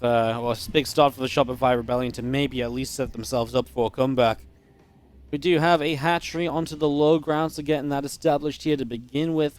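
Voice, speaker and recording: A medium-pitched male esports caster delivers live play-by-play on a strategy game match. He's chatty and upbeat, reacting quickly to the action.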